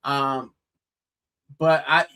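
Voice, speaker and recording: Animated American man, bright voice. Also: mid-range voice, extremely slow, clean tone. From United States. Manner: animated, exclaiming, says bro often. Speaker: podcast co-host. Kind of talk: casual football chat.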